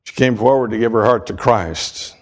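A man preaching a sermon with emphatic, deliberate delivery and dramatic pauses. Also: medium pitch.

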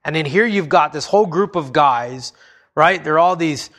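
A man preaching a sermon, telling the story expressively and dropping low and soft for emphasis. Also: normal speed. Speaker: pastor.

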